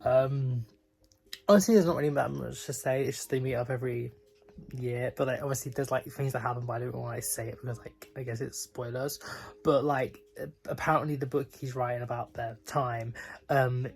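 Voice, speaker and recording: Man, book vlogger, giggly and rambling, low-key casual delivery. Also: fairly even intonation, a little fast, vocal fry, soft background music. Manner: giggly, laughs often, many "like" fillers. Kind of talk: casual reading update.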